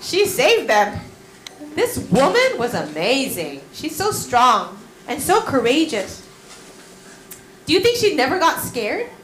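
A woman tells a story to a group of children, slow and unhurried, her high voice swooping up and down. She keeps asking the kids questions as she goes. The room echoes, with faint music behind her. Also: noisy background. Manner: animated, asks the children questions. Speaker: children's Bible teacher.

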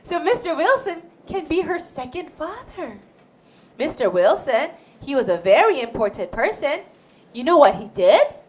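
A woman's voice: high-pitched, normal speed. A woman telling a Bible story to a group of children, asking them questions and acting out the characters. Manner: expressive, asks children questions, acts out voices.

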